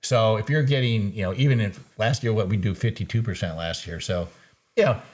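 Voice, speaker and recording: A man's voice: fairly low pitch, fairly quick. A man hosting a live market recap, talking casually, laughing easily and throwing in folksy sayings. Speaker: trader and show host.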